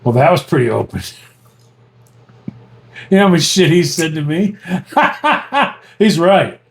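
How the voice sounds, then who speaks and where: A man's voice: on the high side, a little slow. A man co-hosting a casual chat, telling stories with lots of swearing and laughter. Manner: profane, laughing, animated storytelling. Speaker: podcast co-host. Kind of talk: casual banter.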